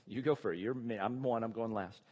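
A man preaching an expository sermon, animated, full of rhetorical questions and chuckling asides. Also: medium pitch, fairly quick, husky, muffled recording. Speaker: pastor or Bible teacher. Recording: long reverb of a large hall.

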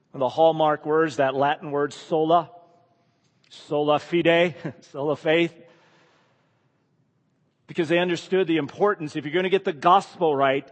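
A man preaching a sermon with earnest emphasis, often dropping to a quiet, hushed delivery. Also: a little high, in a large hall. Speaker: pastor.

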